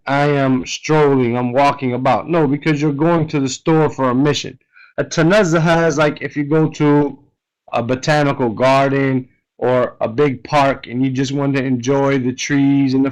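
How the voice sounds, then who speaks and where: Teaching Arabic online, a man with a mid-range voice explains a reading passage word by word in a patient way. He often checks with "right?", and his computer mic gives a rough recording.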